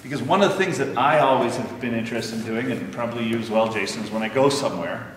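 A man's voice: medium pitch, fast talker, slight background noise. A man who owns a brewery, talking eagerly in a casual interview, with lots of fillers. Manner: chatty, eager, many fillers. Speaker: brewery owner. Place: large unfinished building. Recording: echoey hall, from far off.

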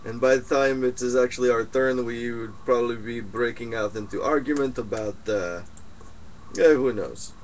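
A man voicing a solemn mystic guru who speaks broken English and drops his articles, pausing with slow "uh"s in an improvised comedy sketch. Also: medium pitch, slight background noise, voice pushed down, lightly acted, poor audio. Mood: weary.

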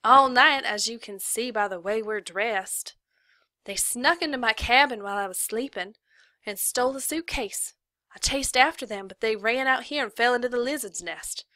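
A woman reading aloud plays a cold, scheming camp warden. Her defense comes smooth and calculated. The voice is bright and close. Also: a little high, moderate pace, no room sound, pitched above the performer's own voice. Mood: defensive.

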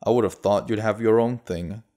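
A man reads the part of a ruthless, brash human bandit leader for an audiobook, using a fairly low, near-everyday voice with even intonation at normal speed. He plays him cocky and offhand, raising his voice to a shout when he demands something.

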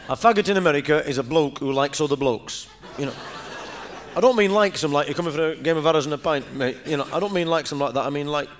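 A man's voice: a little high, fast. A man with a Northern English accent doing a rambling, chatty live stand-up monologue in front of an audience. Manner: rambling, chatty storytelling with asides. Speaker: comedian.

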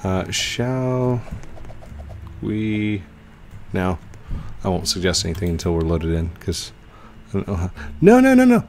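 A man giving casual gameplay commentary as a channel host, excitable and laughing often, yelping when things go wrong. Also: deep voice, takes it slowly, long pauses, a little hiss or hum.

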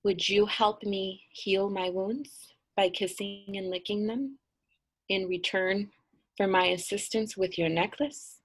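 A woman voicing an old wounded grandmother spirit in a told folk tale, speaking slowly and softly in a cryptic way. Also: mid-range voice, fairly even intonation. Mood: coaxing. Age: over 60.

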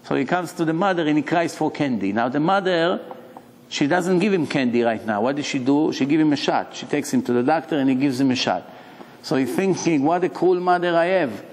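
A man preaching as a rabbi, telling parables with lively rhetorical questions. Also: a little high, a little fast, slight background noise. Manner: animated storytelling with rhetorical questions. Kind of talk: sermon. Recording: long hall reverb.

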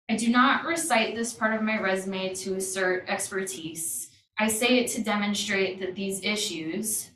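A woman from Hawaii, a law student, giving formal prepared testimony in measured, emphatic sentences. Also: medium pitch, fairly bright tone, distant mic. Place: hearing room. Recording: echoey hall audio from afar, faint noise.

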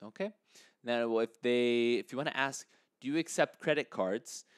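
Man teaching phrases, smooth dry voice. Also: no echo. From Zambia. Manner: repeats phrases slowly, rising pitch on quoted lines. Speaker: language teacher. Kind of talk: casual language lesson.

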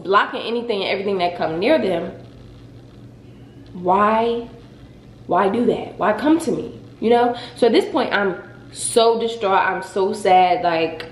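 A young woman casually telling a dramatic story on her vlog, in a lively, expressive way. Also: medium pitch, a little slow. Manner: dramatic, animated retelling. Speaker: vlogger. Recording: echoey room.

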